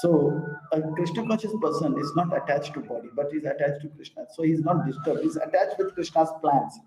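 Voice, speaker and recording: A man's voice: fairly high pitch, fairly quick, slight background noise. A man teaching scripture as a spiritual teacher, acting out small stories. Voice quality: animated storyteller who acts out characters. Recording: echoey room with faint ambience.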